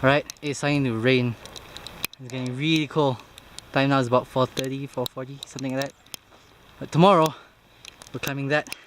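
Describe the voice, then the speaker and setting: A man talks to his handheld camera as he climbs an outdoor trail, out of breath between plain, matter-of-fact remarks. His voice sits at an ordinary middle pitch, with a faint hiss of outdoor ambience behind him. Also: fairly even intonation, brisk, long pauses. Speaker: vlogger. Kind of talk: hiking vlog narration.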